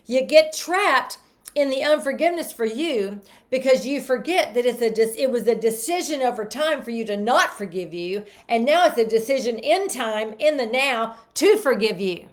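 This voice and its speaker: A woman giving a motivational self-help talk, emphatic and repetitive, leading listeners through spoken affirmations. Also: on the high side. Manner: emphatic, repeats phrases and leads spoken affirmations. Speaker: motivational speaker.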